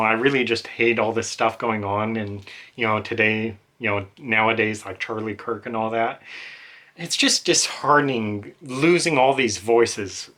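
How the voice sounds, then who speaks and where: A man's voice: medium pitch, pushed and bright. A man hosting a book channel, talking in a rambling, emotional way with many fillers. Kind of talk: casual monologue.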